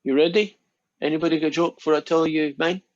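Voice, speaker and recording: A man's voice: a little high, steady tone, fast talker, dull audio. A man, a math lecturer, telling jokes to his class in a chatty, playful way. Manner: chatty, playful, addresses students by name. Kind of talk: casual classroom joke-telling.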